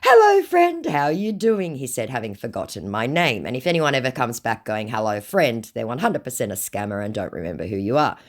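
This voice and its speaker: A woman's voice: a bass voice, lively intonation, fast, few pauses. A woman host telling a story in a dry, sarcastic way, reading out scam chats. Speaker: scam baiter, channel host. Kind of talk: casual storytelling to camera.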